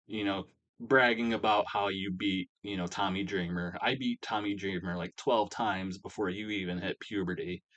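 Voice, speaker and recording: A man's voice: fairly low pitch, a bit bright, dry recording. A man voicing a smug male wrestler cult leader in an offhand, mocking paraphrase.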